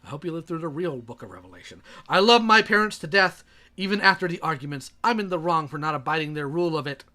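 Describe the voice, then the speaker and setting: A man's voice: fairly high pitch, fast, sharp tone. A man reading messages aloud and reacting in a sarcastic, exasperated way.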